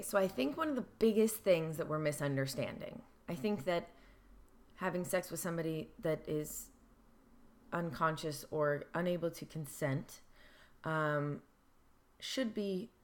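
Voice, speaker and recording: A young woman with a fairly low voice vlogs to camera in a casual, earnest manner. She mixes emphatic bursts with slow, careful phrasing and lets the odd swear slip.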